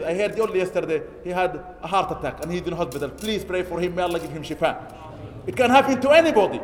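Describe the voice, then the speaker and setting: High-pitched guy giving an eid sermon, talks fast, pushes points by repeating them, echoey mosque hall. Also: slight background noise. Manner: exhorting, with emphatic repetition; chants Arabic scripture quotes quickly. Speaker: imam preaching. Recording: echoey hall with long reverb.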